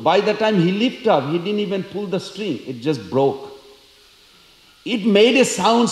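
A man giving a storytelling lecture at a temple, acting out the voices of the characters with lively energy. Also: on the high side. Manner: animated, acts out quoted characters. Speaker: temple speaker. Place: temple hall. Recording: echoey temple hall.

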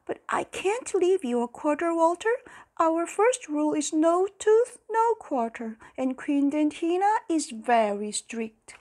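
Fretful little tooth fairy, high and wailing, read by a woman. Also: lively intonation, measured pace, a little mellow. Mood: tearful. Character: small anxious female tooth fairy.

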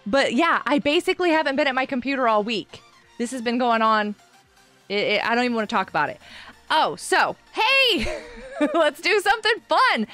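A woman's voice: high-pitched, bright, forceful tone, no room sound. A woman game streamer chatting casually on a live stream and greeting viewers by name. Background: faint background music.

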